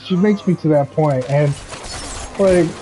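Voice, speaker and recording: Male streamer, fairly high voice, rambling and ranting casually while gaming. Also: measured pace, rough recording.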